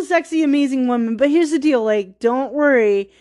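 A woman's voice: on the high side, moderate pace, hardly any pauses, darkish tone. A woman hosting a podcast, telling a personal story in a rambling, casual way, full of "like," with wistful, self-deprecating laughs. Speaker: podcast host.

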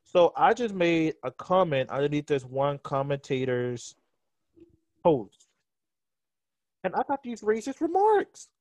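A man co-hosting a casual podcast, talking in an animated, joking way and laughing often. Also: on the high side, measured pace, pauses often, no echo. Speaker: podcast co-host.

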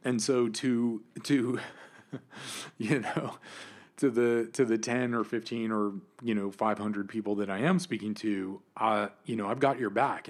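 Man, podcast host, lower voice, heated emphatic rant, swears a lot, loud then soft. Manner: angry, emphatic, swears often, swings between loud and soft. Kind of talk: impassioned solo podcast rant.

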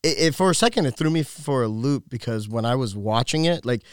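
A man's voice: medium pitch, animated, fairly quick, clean tone, no echo, studio quality. Agreeable man in a casual movie chat. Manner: agreeable, chimes in with short affirmations. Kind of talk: casual film discussion.

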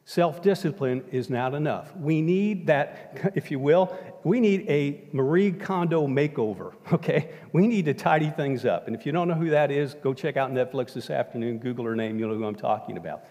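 A man's voice: a little high, normal speed, hardly any pauses, mellow. A middle-aged man preaching a sermon as pastor, emphatic and repeating "folks" as he addresses the congregation. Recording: long hall reverb.

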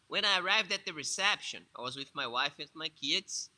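A man, a jiu-jitsu instructor and English speaker, telling his own story in a halting way, often repeating words. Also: a little high, lively intonation, pushed and bright. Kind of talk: casual personal storytelling.

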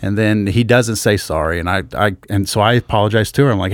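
Deep-voiced blunt man, casual chat. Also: fast, no echo, studio quality. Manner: blunt, profane storytelling.

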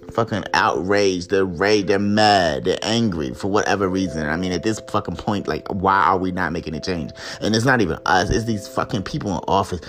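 Angry, profane man ranting low. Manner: heated, profane, rising to shouts of outrage. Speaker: podcast host. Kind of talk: angry solo commentary.

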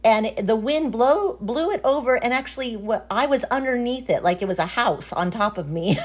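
A woman's voice: fairly high pitch, animated, normal speed. A woman hosting an interview who talks in a chatty way, laughs easily and uses many fillers. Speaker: host. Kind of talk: casual interview chat.

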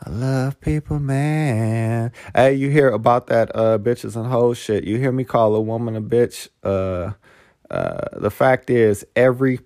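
A man's voice: mid-range voice, animated, a little slow, a little mellow, no echo, studio quality. A man hosting a casual podcast monologue, profane and rambling. He tacks "man" onto nearly every phrase and turns heartfelt and choked up at times. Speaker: podcast host.

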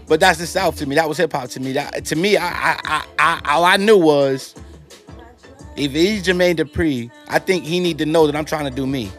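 Man, slightly high voice, animated and profane storyteller, faint music underneath. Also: normal speed. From New York. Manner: animated, profane, acts out quoted dialogue. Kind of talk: casual storytelling.

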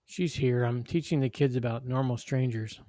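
A man's voice: medium pitch, fairly even intonation, normal speed, dark tone, no echo, studio quality, close to an everyday voice. A man voicing an earnest neighborhood mother teaching children in a read-aloud story. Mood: teacherly.

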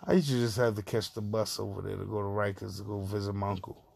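New York man, podcast host, gravelly, profane street-talk monologue. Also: on the low side, steady tone, fast, a little mellow. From Far Rockaway, Queens, New York. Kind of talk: casual opinion monologue.

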